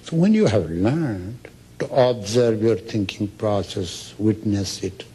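A man's voice: lowish voice, lively intonation, slow, mellow, husky. A man giving a lecture on meditation as a spiritual teacher, telling stories and acting out the quoted speech. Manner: storytelling, acts out quoted speech.

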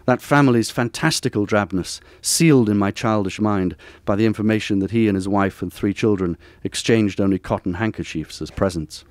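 A man with a low voice reads his own essay aloud at a bookstore event. His delivery is measured and wry, with a literary cadence. The sound is dry and close. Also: no room sound. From Durham, northern England. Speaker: author reading from his book. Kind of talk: reading aloud from a personal essay.

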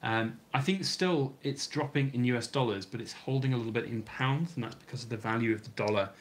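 A British man chatting casually through a long live stream, reading out viewer comments and answering at length. His voice sits at an ordinary middle pitch and is starting to wear thin. A faint background hum runs under the talk. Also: brisk.

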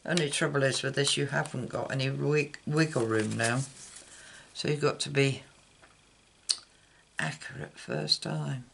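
Slow gravelly man, rambling craft chat. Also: medium pitch, steady tone, a bit bright, a little hiss or hum. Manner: chatty, rambling, loses track mid-thought. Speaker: craft channel host. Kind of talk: casual card-making demonstration.

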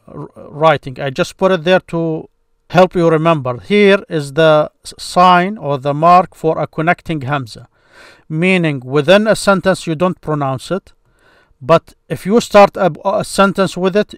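A man's voice: fairly high pitch, clear, resonant tone, no room sound, clean studio sound. A man teaching a grammar lesson, explaining each step patiently with occasional restarts.

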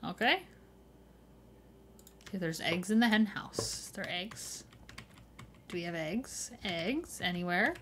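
A woman's voice: fairly low pitch, lively intonation, slow, long pauses, a bit bright, a little hiss or hum. A young adult woman chatting casually with her viewers while live-streaming a game, laughing often as she greets and answers the chat.

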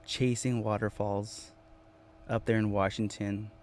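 A man chatting casually on a livestream from inside his van, reading viewers' comments aloud, talking to them by name and repeating himself with lively energy. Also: on the low side, measured pace, a little hiss or hum. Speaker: vlogger reading live chat.

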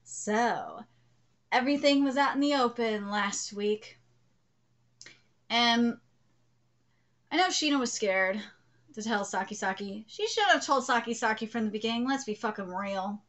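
A woman streaming a live manga reaction, excitable and profane, shrieking at twists and talking to her cat. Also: fairly high pitch, unhurried, pauses often.

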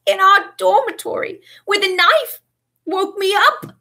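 A woman voicing a frantic teenage boy wizard who shouts in shrill panic. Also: unhurried, exaggerated voice. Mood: panicked.

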